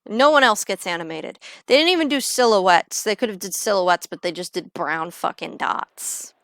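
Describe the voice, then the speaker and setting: A woman chats casually on a livestream while gaming, rambling with lots of filler words. Her mid-range voice is expressive and a bit bright at a moderate pace, in clean studio sound with no room echo.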